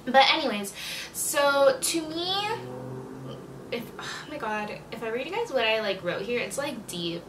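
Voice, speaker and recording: A woman's voice: on the high side, animated, a little slow, distant mic, noisy background. A young woman vlogging in a frank, chatty way, swearing and filling her talk with "like", recorded in an echoey room a bit away from the mic. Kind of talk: casual confessional chat.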